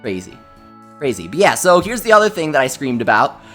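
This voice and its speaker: A young man hosting a casual game livestream, reading chat messages aloud and reacting with excitement. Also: mid-range voice, a little fast, faint music behind. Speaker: gaming livestreamer.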